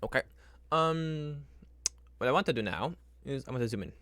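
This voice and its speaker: A man's voice: mid-range voice, lively intonation, normal speed, a bit bright, no room sound. A man streaming as he builds a spreadsheet, thinking aloud in a casual, rambling way, talking to his computer and making up little sound effects. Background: keyboard typing and clicking.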